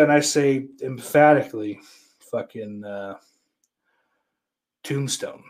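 A man's voice: medium pitch, expressive, slow, long pauses, a little hiss or hum. Crude sarcastic man chatting to viewers. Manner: crude, sarcastic, rambling with frequent swearing. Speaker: live stream host reading chat. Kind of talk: casual profane chat.

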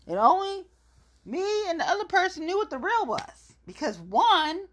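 A woman's voice: extremely high pitch, sing-song, moderate pace. A woman in a casual monologue rant, blunt, profane and gossipy, telling her side of a story.

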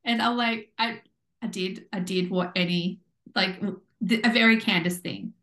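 A woman co-hosting a podcast, telling a story in a bubbly, animated way and acting out what people said. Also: mid-range voice, normal speed. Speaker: podcast co-host. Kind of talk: casual chat. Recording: echoey room.

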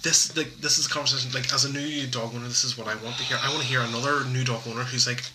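A man's voice: mid-range voice, rapid-fire. Direction: man chatting over a noisy background. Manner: relaxed, stumbling restarts. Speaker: podcast co-host. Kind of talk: casual chat.

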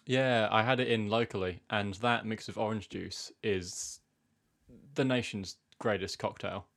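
A young man co-hosting a podcast in casual chat, deadpan and self-mocking. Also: lowish voice, unhurried, gravelly. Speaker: podcast co-host.

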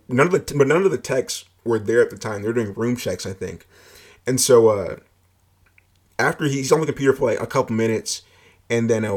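A man's voice: mid-range voice, darkish tone. A man telling a personal story in a casual, rambling way, full of filler words and swearing.

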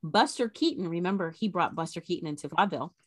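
Chatty woman podcaster, dry lowish voice. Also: fast talker, no echo. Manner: animated retelling of a scandal, chatty asides. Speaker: podcast co-host. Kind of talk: casual history storytelling.

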